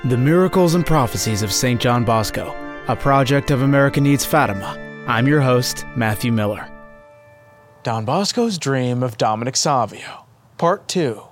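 A man hosting and narrating a story with an expressive, measured reading. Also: medium pitch, soft background music. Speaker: host and narrator.

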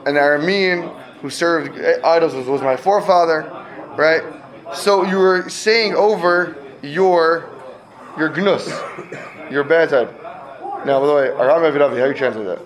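A man's voice: a little high, normal speed. A man teaching a classroom Talmud lesson, explaining step by step and checking in with students often.

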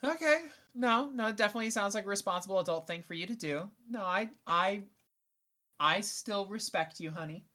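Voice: mid-range voice, slow pace, pushed and bright, voice pushed up. A game master voicing a teasing adult companion in a tabletop role-play, with dry sarcasm.

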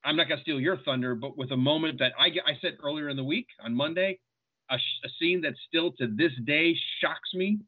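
A man's voice: a little high, a little fast. A man hosting a podcast, analyzing a film scene in a casual, thinking-aloud way. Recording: tinny phone-like line.

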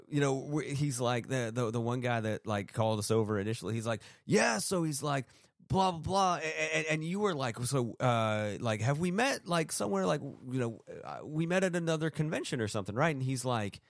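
A man's voice: mid-range voice, expressive, normal speed, vocal fry, no echo. Rambling male storyteller, dry close sound. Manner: rambling storyteller, acts out quotes, many fillers. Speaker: podcast co-host. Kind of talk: casual chat.

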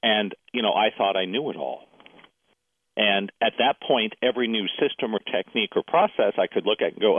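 A man's voice: fairly low pitch, a little fast, dry recording. A man casually telling a personal story as a guest, acting out what others said to him. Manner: animated storyteller, quotes others in dialogue. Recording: tinny phone-like line.

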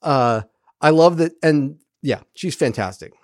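A man co-hosting a podcast in casual chat, animated and profane, acting out lines from the episode. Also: fairly high pitch, measured pace, no room sound, studio quality. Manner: animated, profane, acts out quoted characters. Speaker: podcast co-host.

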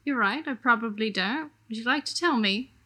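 A woman player in a tabletop game who speaks in character in a formal, measured, gentle way. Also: a little high. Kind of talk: in-character tabletop role-play.

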